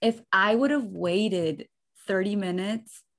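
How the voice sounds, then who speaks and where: Young woman podcast host, chatty, says like a lot, kinda gravelly voice. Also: mid-range voice, slow pace. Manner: chatty and animated, heavy use of "like". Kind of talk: casual chat, storytelling.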